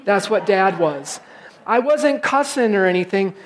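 Animated, self-mocking preacher man. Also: high-pitched, measured pace, noisy background. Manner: animated, self-mocking storyteller who acts out his frustration. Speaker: pastor. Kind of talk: sermon with a personal story.

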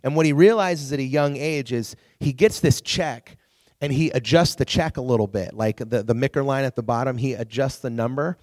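A youth pastor with a mid-range voice preaches to a youth group at normal speed, telling stories animatedly and acting out quotes. The recording is clean studio sound with no echo.

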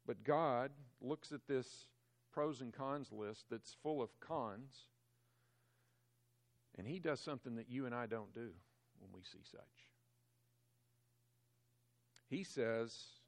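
A male pastor delivering a Sunday sermon in a mid-range voice. He preaches with emphasis, pushing louder on the key words and sinking to a hush elsewhere. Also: takes it slowly, pauses often. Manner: emphatic preaching, swelling louder on key phrases and dropping low on others.

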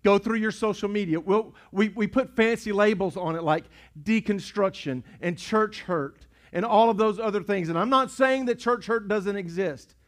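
A male pastor, preaching a sermon in a church sanctuary, building from hushed asides to shouted repeated lines. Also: sits high, moderate pace, few pauses. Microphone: pulpit mic.

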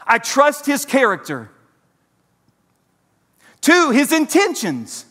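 A man's voice: very high voice, wildly swooping pitch, slow pace, pushed and bright, in a large hall. A man, preaching a sermon and speaking directly to his congregation. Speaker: pastor.

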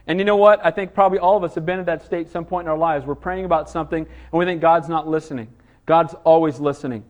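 Preaching at a fairly quick clip in a voice that sits high, this pastor, himself the father of young kids, peppers his sermon with rhetorical questions that build to emphatic cries. He repeatedly asks the congregation "Amen?" to draw their response.

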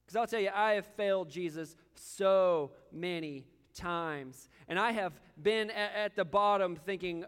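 A man's voice: high voice, measured pace, hardly any pauses, a bit bright, clean tone, long reverb tail. A man preaching a sermon as a pastor, earnest, often repeating words as he stresses a point.

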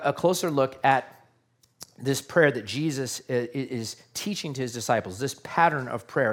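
A man preaching a sermon to his congregation in an earnest, conversational way, often asking rhetorical questions. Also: on the high side. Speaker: pastor.

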